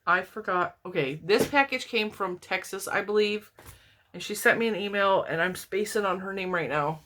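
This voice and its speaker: A middle-aged woman vlogging from home, chatty and rambling as she opens mail from viewers, laughing often, her voice jumping high when excited. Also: moderate pace, slight background noise. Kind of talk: casual chat. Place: home, indoors, TV on in the room.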